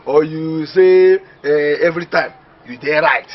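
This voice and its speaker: Excitable nigerian village guy man playing him, high voice, muffled film audio. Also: unhurried, a little hiss or hum, close to an everyday voice. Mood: boastful. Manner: exclaiming, laughing often, animated. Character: excitable young village man, boastful dreamer. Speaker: actor in a comedy film. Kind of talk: Pidgin comedy film acting.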